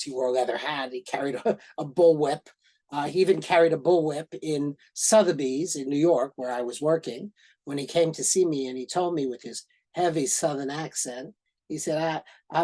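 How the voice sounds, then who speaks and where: A man's voice: a little high, poor audio. A middle-aged man giving an informal lecture as a professor, telling stories with lots of fillers, restarts and tag questions. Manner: animated, many fillers and restarts, asks "right?".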